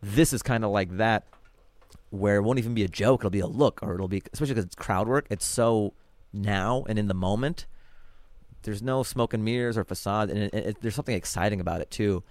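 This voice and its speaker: Laid-back man, low voice. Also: fairly quick, no room sound. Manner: laid-back storytelling with frequent fillers. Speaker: comedian guest. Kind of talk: casual podcast conversation.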